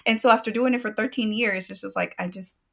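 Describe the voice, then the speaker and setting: A woman's voice: mid-range voice, fairly even intonation, quick pace, gravelly, a bit bright. A woman talking earnestly as a guest in a casual livestream interview over a video call. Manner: earnest, laughs easily.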